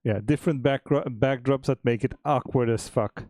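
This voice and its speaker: A man co-hosting a stream, chatting casually about making a game, relaxed and chuckling, often restarting his sentences. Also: mid-range voice, moderate pace, no echo, clean studio sound. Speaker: game developer and stream co-host.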